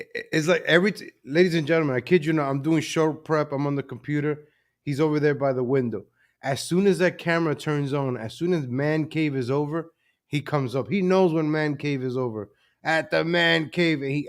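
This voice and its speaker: Chatty man hosting a home livestream. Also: on the high side. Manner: chatty, easily distracted, repeats himself. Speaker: livestream host. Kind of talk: casual live-stream chat. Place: home room at his computer. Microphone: desk microphone.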